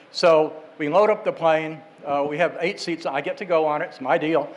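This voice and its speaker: A man with a fairly high voice spins a long, casual anecdote. He wanders through asides, catches himself mid-word and corrects names as he goes. His delivery stays chatty and unhurried. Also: low-quality recording. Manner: rambling, with restarts and asides. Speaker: storyteller.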